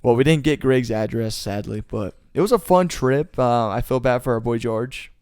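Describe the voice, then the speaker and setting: A young man spins a long, rambling story in podcast chat. He leans on slang and filler, and the mid-pitched voice sounds dry and close, with no room around it. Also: moderate pace, darkish tone, clean tone, dry recording. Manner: rambling, slangy, says "bro" and "like" a lot. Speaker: podcast co-host, wrestler.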